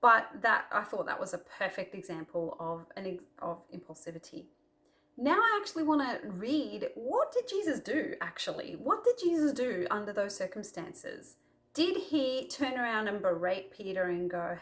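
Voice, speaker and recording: Woman, Christian video host, casual chat, personal stories, fillers, medium pitch. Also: very animated, normal speed, a bit bright. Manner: chatty, personal storytelling with many fillers. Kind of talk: casual faith talk to camera.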